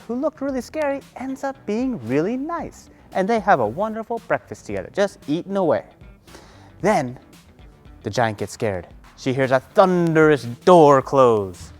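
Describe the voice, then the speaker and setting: A woman leading a children's yoga lesson through a story, animated and playful, gasping with excitement. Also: deep voice. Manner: animated, playful, lots of gasps. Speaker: kids' yoga teacher.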